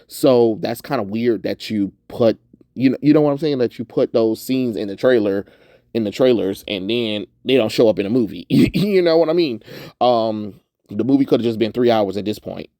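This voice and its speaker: A young man from the suburban American South chats casually through a movie review, rambling with lots of "um"s and laughing often. His fairly low voice has a dark tone and a moderate pace, recorded dry with clean studio sound.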